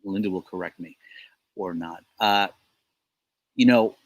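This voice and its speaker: A man's voice: sits low, fairly even intonation, a little slow, no room sound, rough recording. A middle-aged man co-hosting a casual business chat, talking in a loose, rambling way with joking asides, recorded outdoors on his home deck. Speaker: co-host.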